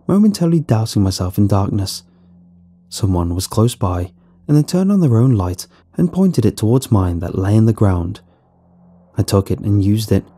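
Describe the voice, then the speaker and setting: A man reading a horror story aloud as scripted narration, in a steady, measured way. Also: fairly low pitch, husky.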